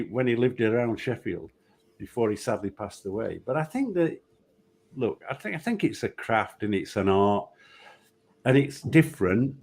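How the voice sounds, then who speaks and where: An older man, a former referee, telling anecdotes and acting out the people in them. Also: fairly low pitch. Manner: lively storyteller, acts out quotes. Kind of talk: anecdotal storytelling.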